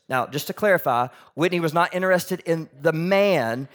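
A man preaching a sermon as pastor, lively and animated, acting out the voices of people in the story he tells. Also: fairly high pitch, moderate pace.

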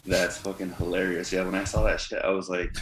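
A man's voice: deep voice, level tone, fairly quick, a crowd in the background. A man co-hosting a podcast, chatting in a rambling, profane way with lots of fillers and restarts. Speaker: podcast co-host. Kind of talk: casual chat. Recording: roomy echo with faint noise.

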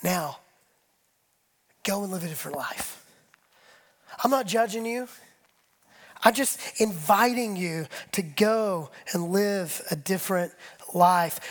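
A man preaching a conversational sermon, leading the congregation and acting out imagined voices as his intensity rises. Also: very high-pitched. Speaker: pastor.

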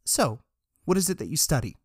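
A man voicing a bookish, probing young female cat in a story, with a light, higher-pitched questioning lilt. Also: sing-song, a little fast, a little mellow, breathy edge, dry recording, clean studio sound.

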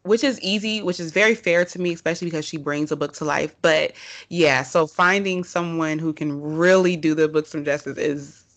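A woman hosting a podcast in casual chat, chatty and quick to affirm her guest. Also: low voice, fairly even intonation, dry recording. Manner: chatty, lots of affirming yeses. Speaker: podcast host.

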